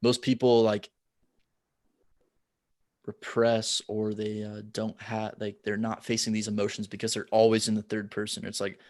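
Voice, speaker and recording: A man hosting a podcast, talking in a relaxed, loose way with many fillers. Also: fairly low pitch, moderate pace, no echo. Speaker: podcast host. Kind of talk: casual conversation.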